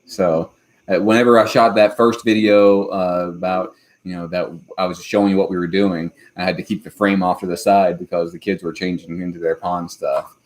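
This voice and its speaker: A man's voice: deep voice, little pitch movement, moderate pace. A man hosting a homesteading live stream, chatting casually and rambling with lots of hesitant fillers. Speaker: homesteading channel host.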